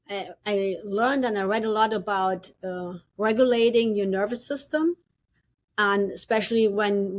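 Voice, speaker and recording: A woman co-hosting a podcast, speaking thoughtfully and in a measured way, with frequent pauses. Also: mid-range voice, no room sound. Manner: thoughtful, measured, with many ums. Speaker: podcast co-host. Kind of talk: reflective podcast conversation.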